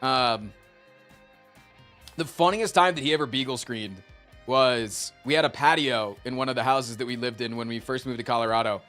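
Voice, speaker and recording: Over soft background music, a man with a medium-pitched voice livestreams a casual chat at a normal speed. He tells animated stories full of swearing and reads out and responds to messages from chat.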